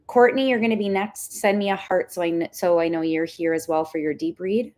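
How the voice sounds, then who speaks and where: A young woman reading tarot on a livestream, chatting casually with viewers. She is excitable and says "like" a lot. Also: fairly low pitch, a little fast. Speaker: tarot reader hosting a livestream.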